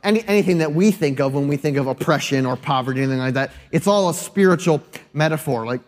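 A male pastor with a slightly high, quick voice preaches a sermon in a conversational, emphatic style. He often checks in with listeners by adding tag questions.

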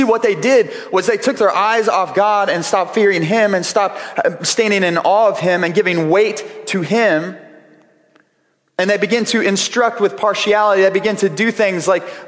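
A man's voice: high-pitched, moderate pace. Earnest male preacher in a reverberant hall. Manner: earnest, conversational preaching with frequent restarts. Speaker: pastor. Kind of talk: sermon. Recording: long reverb of a large hall.

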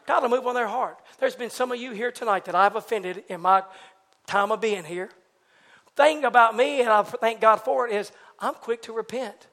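A man preaching a sermon in a church service, animated and folksy, swinging from loud exclamations to hushed asides and talking back and forth with the congregation. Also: very high voice, moderate pace.

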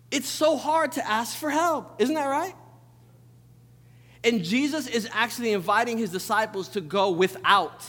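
A man's voice: sits high, fairly bright tone. A young adult man preaching a sermon as pastor, conversational and full of restarts and asides. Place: church sanctuary. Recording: long reverb of a church hall.

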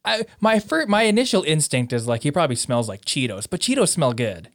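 A young man joking around in a relaxed chat, teasing and laughing easily, his pitch jumping high and low. The voice sits close and dry on the mic. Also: a little fast, no echo. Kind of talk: casual chat.

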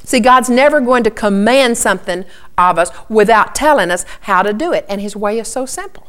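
Woman bible teacher, kinda high voice, earnest, keeps saying okay and repeating the point. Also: animated, brisk, fairly bright tone. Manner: earnest, repeats key phrases, often starts with "okay".

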